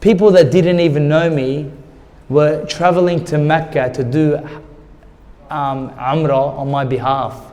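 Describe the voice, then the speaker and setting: A man's voice: a little high, steady tone, measured pace, a little mellow, big-room sound. A middle-aged man, a guest in an interview, earnestly telling a personal story and repeating words when he gets emotional.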